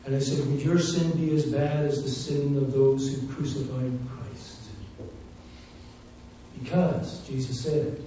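Fervent preacher in an echoey hall. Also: male voice, medium pitch, little pitch movement, measured pace, a little hiss or hum. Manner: fervent storytelling, swinging from hushed to loud. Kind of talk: sermon testimony. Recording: muffled, echoey, distant church recording.

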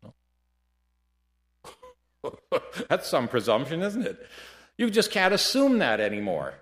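Man preaching with stories, hushed then loud. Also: a little high, measured pace. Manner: storytelling, lively shifts between hushed and loud. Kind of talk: sermon with anecdotes.

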